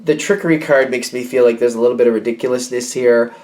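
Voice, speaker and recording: Man, tarot reader, casual monologue, animated, mid pitch, repeats himself. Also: fast talker. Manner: animated, acts out quoted reactions, repeats phrases.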